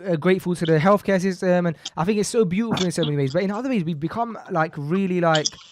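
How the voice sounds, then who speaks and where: A young man telling a story in casual podcast chat, animated and slangy, acting out the people he quotes. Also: sits high, quick pace, noisy background. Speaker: podcast co-host.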